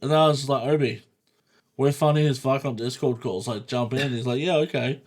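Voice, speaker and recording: A man's voice: medium pitch, steady tone, fairly quick. A man co-hosting a casual podcast, talking in a laid-back way on a desktop USB microphone, swearing freely and laughing often. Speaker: podcast co-host.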